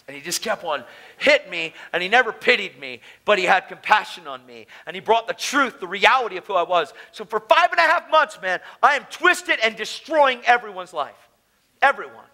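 A man's voice: high-pitched, very animated, a little fast, bright, forceful tone. A man preaching a testimony at a conference, telling his story in a casual, slangy way. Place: conference hall.

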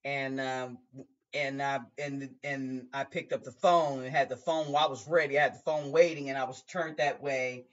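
A man, a bus driver, telling a personal story in an emotional, halting way with many restarts. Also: mid-range voice, steady tone. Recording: dull lo-fi sound.

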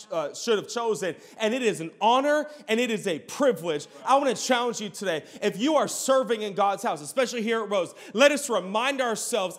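A man's voice: high-pitched, expressive, a little fast, few pauses. A man in his thirties, a pastor, preaching a sermon in a conversational storytelling way with sudden bursts of emphasis.

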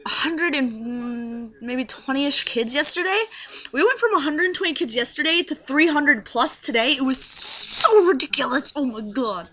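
A young trans man with a high voice and a scratchy throat, rambling tiredly to the camera in a casual video diary. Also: bright, forceful tone. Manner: rambling, tired, many fillers. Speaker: video blogger. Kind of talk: casual vlog monologue.

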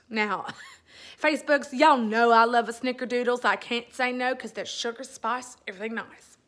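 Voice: medium pitch, a bit bright, close to an everyday voice. Performer doing a giggly church lady. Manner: gossipy and giggly, dramatic confessional storytelling. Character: giddy middle-aged Southern church lady on social media. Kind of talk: comic character monologue.

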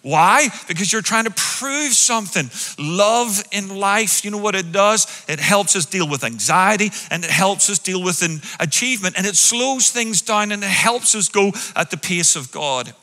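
European guy pastor, lively sermon, keeps asking the crowd questions, long echo of a big church hall. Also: high voice, normal speed, hardly any pauses. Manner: animated, quizzing the congregation with questions. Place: large church hall with an audience.

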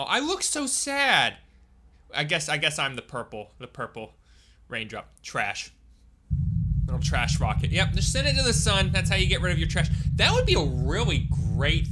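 A man's voice: a little high, noisy background. Chatty man streaming a game. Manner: chatty, joking, animated. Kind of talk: casual gameplay commentary. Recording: loud game music behind.

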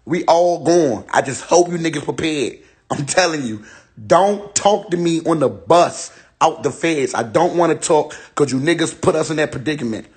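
A man's voice: on the high side, expressive, moderate pace. A young man on a phone livestream, joking in an exaggerated, repetitive rant and laughing between lines. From Ohio. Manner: laughing, exaggerated mock despair, repeats lines. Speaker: internet personality. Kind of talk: joking live-stream rant.

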